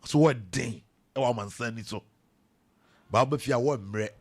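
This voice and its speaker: A man with a Ghanaian accent hosting a morning radio show, chatting casually and reading listener messages and news in an animated way. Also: mid-range voice, moderate pace. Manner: animated, switching between Twi and English, reads messages aloud. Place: radio studio.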